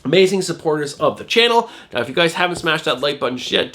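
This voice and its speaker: A man's voice: a little high, lively intonation, fast talker, fairly bright tone. A middle-aged man hosting a comic book channel, sounding nasal from a cold, chatting in a rambling way with lots of fillers. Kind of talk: casual video review.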